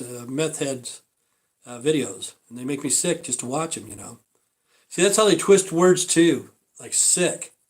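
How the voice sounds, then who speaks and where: An older man rambling through a casual livestream monologue, profane and repetitive, circling back over his points. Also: mid-range voice. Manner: rambling, profane, repeats himself. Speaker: livestream host.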